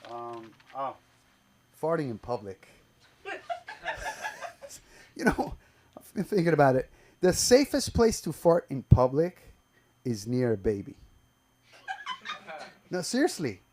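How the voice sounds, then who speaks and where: A man's voice: mid-range voice, wildly swooping pitch, slow, pauses often, noisy background. A man doing a stand-up set at an open mic, telling rambling, profane stories full of fillers and restarts. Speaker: stand-up comedian. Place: live comedy club stage.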